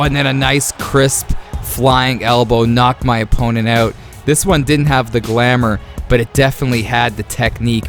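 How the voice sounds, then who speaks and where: A man narrates his own game highlights with excitable energy, laughing often and tossing out playful trash talk. His voice sits in an ordinary middle pitch. Soft music plays faintly beneath him. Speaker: gaming YouTuber. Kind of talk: video game highlight commentary.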